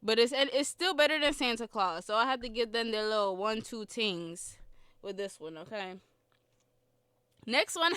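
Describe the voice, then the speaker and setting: Young female podcast host, high bright voice, dry close sound, rambling and giggly, slight sore throat. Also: sing-song, a little slow, pauses often, clear, resonant tone, no room sound. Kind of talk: casual film review chat.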